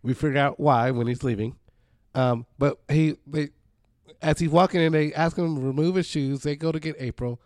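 A man's voice: fairly high pitch, normal speed, a little mellow, dry recording. Male podcast co-host, casual recap, rambling delivery with frequent laughs, dry close mic. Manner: rambling, laughs often while retelling.

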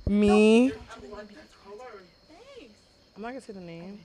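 A woman's voice: medium pitch, slow, mellow. Playful woman podcast host in her twenties. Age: 20s. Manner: playful, teasing, interrupts. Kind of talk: casual chat.

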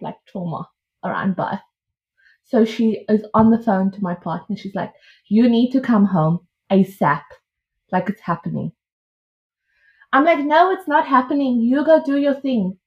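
A woman tells a personal story as a podcast guest, chatty and lively, and acts out the lines of the people in it. Her voice sits in a middle range for a woman. The recording sounds a little dull and lo-fi. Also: mid-range voice. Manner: lively, chatty retelling with quoted dialogue. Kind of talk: casual storytelling.

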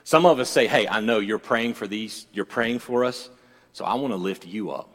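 A man's voice: lowish voice, moderate pace, a bit bright. A man pastor preaching a sermon, moving from conversational storytelling with jokey asides to fervent, repetitive declarations. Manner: self-deprecating jokey asides. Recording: long reverb of a church hall.

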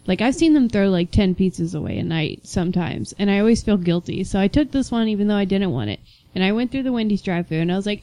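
A woman's voice: medium pitch, fast talker, no room sound. A young woman chatting casually, telling stories and acting out what people said. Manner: animated storyteller, acts out quoted voices. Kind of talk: casual chat.

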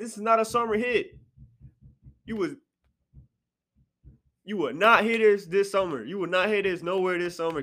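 A man hosting a casual solo podcast from his apartment, swinging between sudden high exclamations and low mutters. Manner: animated, jumps into sharp high outbursts then drops to low mutters. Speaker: podcast host. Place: apartment room.

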